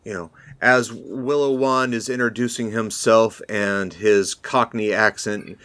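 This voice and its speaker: A man narrating as game master of a tabletop fantasy game in a measured, deliberate way. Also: lowish voice, steady tone, a bit bright, no echo.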